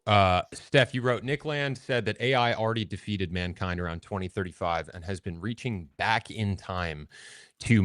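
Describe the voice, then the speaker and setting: Man, very deep voice, dry close mic, podcast host, steady casual talk. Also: dry recording. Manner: steady, reads a tweet aloud then explains. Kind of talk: casual conversational discussion.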